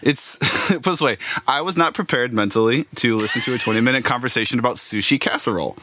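A man co-hosting a casual podcast, hesitant and halting, often laughing and filling pauses with "uh" and "um". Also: medium pitch, a little hiss or hum. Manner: hesitant, with many fillers and frequent laughs. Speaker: podcast co-host.

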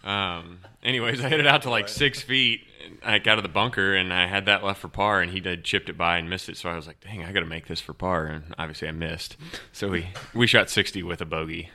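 A man telling a lively golf story as a podcast guest, acting out what people said. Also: sits low, a little fast. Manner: animated storyteller acting out quotes. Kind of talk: casual storytelling.

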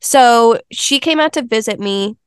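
Smooth-voiced woman, chatty interview guest. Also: on the high side, a little slow, dry recording, clean studio sound. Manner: chatty, earnest storytelling. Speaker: Ayurveda health counselor and intuitive healer, interview guest. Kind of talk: casual interview chat.

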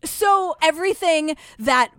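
High-voiced chatty woman podcaster. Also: expressive, takes it slowly. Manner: chatty, profane, self-deprecating storyteller. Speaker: podcast co-host. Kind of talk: casual chat recapping a documentary.

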